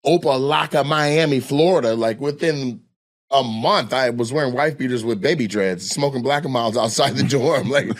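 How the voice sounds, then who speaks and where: Speaking at a normal pace in a mid-range voice, this man, a guest comedian from Washington State, spins a story. He's casual, animated and profane, and he imitates the voices of other people as he goes.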